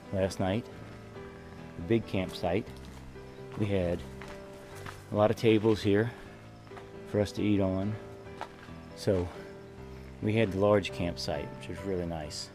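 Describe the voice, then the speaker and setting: A man's voice: on the low side, fairly even intonation, slow pace, long pauses, music in the background. A middle-aged man giving a plain, matter-of-fact update from an outdoor canyon campground. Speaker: hiker, the vlogger's father. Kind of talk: casual on-camera update.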